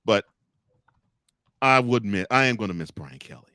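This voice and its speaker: A man's voice: fairly low pitch, moderate pace, clear, resonant tone, no echo. A man hosting a college football talk segment, joking and speaking straight to the coaches and officials he discusses. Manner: animated, joking, talks straight to the people he discusses. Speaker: sports talk host.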